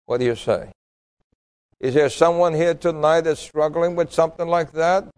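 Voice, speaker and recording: Male pastor, fairly high voice, earnest sermon and fervent altar-call prayer. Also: steady tone, moderate pace, a little mellow. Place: church sanctuary.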